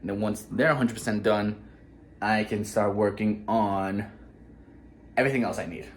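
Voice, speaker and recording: A man's voice: lowish voice, steady tone, moderate pace, a little hiss or hum. A young man talking casually while cooking in his home kitchen, swearing now and then. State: groggy morning voice. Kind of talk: casual vlog narration.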